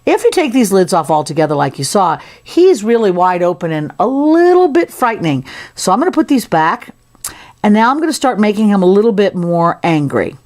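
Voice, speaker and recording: Lively, chatty woman teaching sculpting. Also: mid-range voice, a little fast. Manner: chatty, playful, talks while working. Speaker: sculpting instructor. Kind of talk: casual tutorial demonstration.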